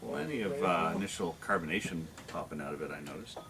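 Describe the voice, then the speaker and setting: A man guest-reviewing beer in a casual chat, lively and talking over the others. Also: deep voice, fast talker. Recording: loud background noise.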